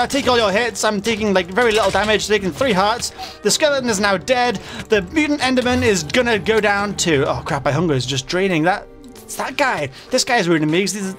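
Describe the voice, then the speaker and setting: A gaming channel host, a jumpy man with a high voice, yells at monsters during his Minecraft modpack let's play. He lurches from mumbling to panicked shouting, full of fillers and self-corrections, and his voice is getting hoarse.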